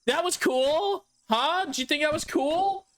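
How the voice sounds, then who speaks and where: A man imitating a chatty woman in a cinema who gushes out loud at everything on screen. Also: very high voice, a little slow, voice pushed up. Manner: gushing, exclaiming at everything. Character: chatty woman gushing loudly in a movie theater.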